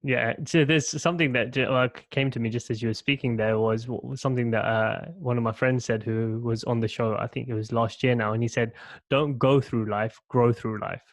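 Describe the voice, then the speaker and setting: A man hosting a podcast, reflecting out loud in a halting, thoughtful way with frequent false starts before he asks his guest a question. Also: mid-range voice, fairly even intonation, no room sound. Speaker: podcast host. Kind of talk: conversational interview.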